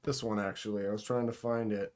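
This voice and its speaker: Speaking a little fast, a man with a fairly low, darkish voice keeps his pitch mostly flat. He hosts a live stream, talking to chat casually in a sarcastic, joking manner.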